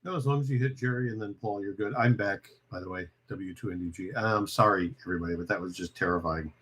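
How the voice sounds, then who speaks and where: A man's voice: fairly low pitch, fast, a bit bright. A man acting as net control on an amateur radio net, chatting casually and laughing easily.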